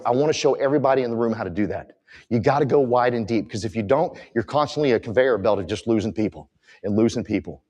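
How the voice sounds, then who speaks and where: A man is speaking from a conference stage. His voice sits at an ordinary middle pitch. He talks straight at the audience and hits his points hard. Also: darkish tone, breathy edge. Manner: fired up, emphatic, addresses audience directly. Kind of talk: motivational stage talk.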